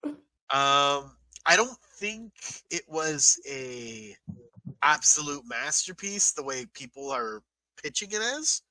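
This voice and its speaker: A man's voice: fairly high pitch, very animated, takes it slowly, sharp tone, rough recording. A man co-hosting a podcast in casual chat, explaining at length and swearing for emphasis. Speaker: podcast co-host.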